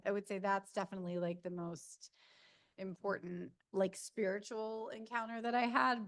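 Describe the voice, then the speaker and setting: Over a Zoom capture of a room talk, a middle-aged South Jersey woman fields audience questions at a reading in a university event room. She is a chatty storyteller with a medium-pitched voice, laughing often and using many fillers in this casual Q&A.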